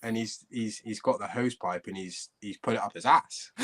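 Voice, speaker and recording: A man, a former footballer, telling a rambling anecdote full of restarts and breaking into laughter. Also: fairly low pitch. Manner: rambling, laughing, animated storyteller. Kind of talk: storytelling anecdote. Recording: clip played from earlier stream.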